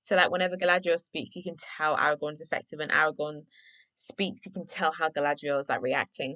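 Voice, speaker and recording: A woman's voice: low voice, a little fast, sharp tone, no echo, highs cut off. A woman vlogger reacting to a film she is watching for the first time, effusive and gushing, talking with lots of casual fillers. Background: film soundtrack music.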